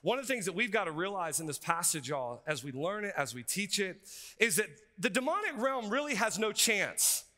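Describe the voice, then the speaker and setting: A male pastor, preaching a sermon in an energetic, conversational way with frequent asides. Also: high voice, moderate pace. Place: seminary chapel. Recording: reverberant hall.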